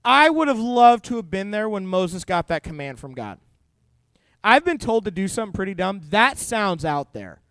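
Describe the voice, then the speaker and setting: Young guy youth pastor, high clear voice, goofy joking sermon for teens, dry close sound. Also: normal speed, no echo. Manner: jokey, animated storytelling to teens.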